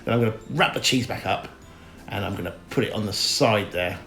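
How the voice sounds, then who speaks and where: Middle-aged man, deadpan comic narrator, roomy sound, soft music under. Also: fairly low pitch, a little fast. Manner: rambling, chatty, mock-earnest, talks straight to viewers.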